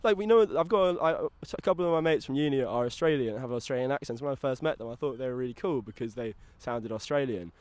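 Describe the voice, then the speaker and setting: Brief: English guy, 20s, quick casual co-host, mid pitch. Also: a little mellow. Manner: rambling, laughing, heavy filler "like". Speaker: podcast co-host. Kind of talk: casual chat.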